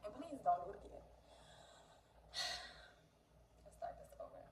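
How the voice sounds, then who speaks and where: Slow-talking playful woman vlogger. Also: mid-range voice, animated, distant mic, background noise. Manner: playful, slangy and chatty. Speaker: vlogger host. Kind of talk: casual chat while baking. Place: home kitchen.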